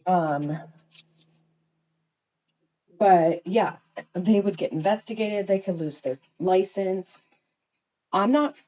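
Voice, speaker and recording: A woman's voice: mid-range voice, mellow. A woman, a mother, venting on a casual livestream, heated and swearing, rambling with lots of fillers. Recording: dull lo-fi phone audio.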